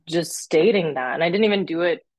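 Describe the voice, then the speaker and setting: A woman's voice: on the low side, expressive, fairly quick, dry recording. A young woman telling stories in casual chat, who fills her talk with "like" and acts out quotes. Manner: chatty storyteller, says "like" a lot, acts out quotes.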